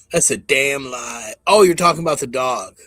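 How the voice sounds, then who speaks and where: A man's voice: mid-range voice, bright, forceful tone, slightly rough, no room sound. A man hosting a live stream in a casual, profane and mocking way, rambling to his audience. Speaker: stream host.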